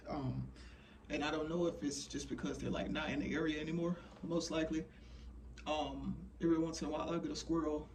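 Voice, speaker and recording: A man's voice: fairly high pitch, a little mellow, distant mic, slight background noise. Frank man in his thirties, off-mic. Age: 30s. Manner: frank, profane, rambling with fillers. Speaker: channeler sharing messages. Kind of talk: casual monologue.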